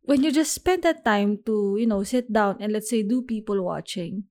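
A young woman hosting a solo podcast, talking through her thoughts in a reflective, unhurried way with small restarts. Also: medium pitch, warm tone. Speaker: podcast host.

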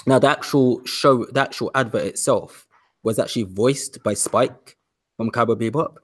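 A man in his thirties from the UK, telling a rambling, animated story in a casual podcast chat. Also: medium pitch, moderate pace, husky. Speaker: podcast guest.

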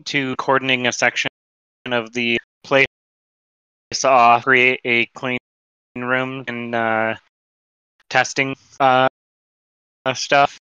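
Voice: medium pitch, flat delivery, slow pace, long pauses, pushed and bright, smooth, no echo, muffled recording. A player chatting casually during a tabletop game, joking and trailing off.

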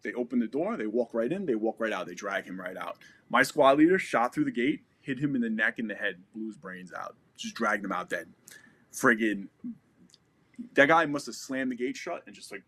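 A man telling a combat story from his military service in a casual, animated and profane way. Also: on the low side, slightly rough. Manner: animated, profane, acts out quotes. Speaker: military veteran.

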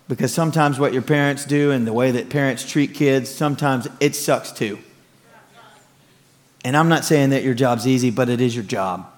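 A man pastor preaching a storytelling sermon from a church stage, animated and exclaiming as he talks. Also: mid-range voice. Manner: animated, exclaiming, laughing through stories.

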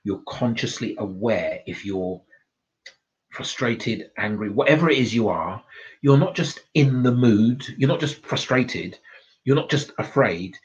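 A man's voice: medium pitch, animated, unhurried. A man giving a casual self-development talk, blunt and swearing freely, laughing at his own points. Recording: dull lo-fi recording.

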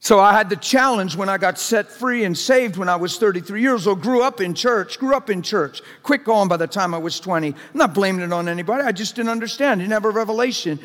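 A middle-aged male preacher delivers a sermon in a loose, conversational way, peppering the congregation with questions. His voice sits high for a man. The sound rings with a long reverb from a large hall. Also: quick pace, hardly any pauses, a bit bright. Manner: conversational, jokey, presses the crowd with questions.

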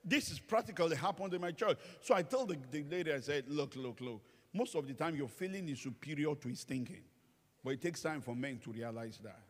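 Man, pastor, humorous sermon, acted-out stories, fairly high voice, long hall reverb. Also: a little fast. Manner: animated storytelling, acts out quoted voices. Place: church hall.

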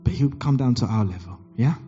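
A male pastor preaching in a lively, storytelling way, acting out each line of dialogue with sudden leaps in pitch. The recording is a bit muffled, with faint music underneath. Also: brisk. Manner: animated, acts out dialogue with big pitch jumps. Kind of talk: sermon with storytelling.

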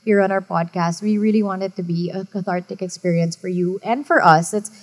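A woman co-hosting a podcast in a casual chat. She talks in an earnest, reflective way at an ordinary pitch. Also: steady tone, brisk, rough recording. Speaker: podcast co-host.

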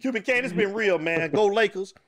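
High-voiced teasing sports host. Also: male voice, fairly quick. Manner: loud, teasing, laughing. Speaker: show host. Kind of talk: casual sports trash talk.

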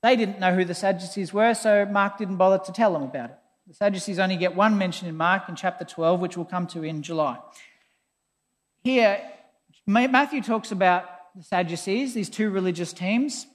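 Preacher, emphatic sermon, exasperated tone, mid-pitched voice, long hall reverb. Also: moderate pace.

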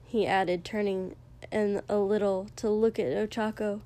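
A woman narrating a fiction story aloud in a measured, expressive way. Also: mid-range voice. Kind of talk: audiobook fiction reading.

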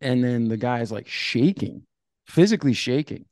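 A man telling his life story in a podcast interview, with a lively, casual delivery that acts out past conversations. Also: mid-range voice, moderate pace, no room sound, studio quality. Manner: animated, acts out dialogue with "I'm like". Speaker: podcast guest.

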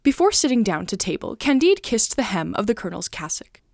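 Expressive woman narrating a classic story. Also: mid-range voice, fairly quick, gravelly, no room sound, clean studio sound. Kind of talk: storybook reading.

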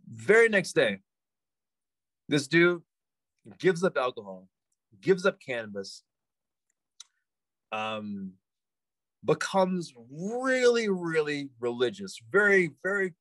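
Animated man telling a story. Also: fairly high pitch, unhurried, long pauses, no room sound. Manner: animated, loose, full of asides. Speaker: podcast guest. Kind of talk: casual storytelling.

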